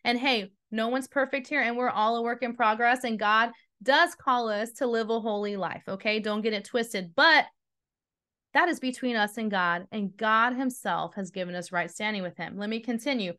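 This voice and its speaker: A woman's voice: fairly high pitch, normal speed, bright, forceful tone. A woman hosting a devotional teaching, earnest and emphatic, speaking straight to her listeners. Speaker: podcast host and Bible teacher.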